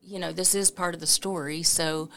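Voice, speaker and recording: A middle-aged woman telling a story as an interview guest, animated and laughing, with many fillers. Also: on the low side, normal speed. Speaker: coffee company founder, interview guest.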